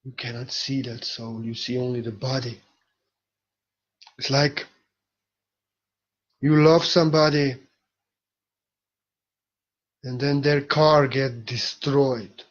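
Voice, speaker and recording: A man speaks in a slow, unhurried spiritual talk, soft and reflective with halting pauses. His pitch sits in an ordinary middle range, and the recording sounds dull and lo-fi.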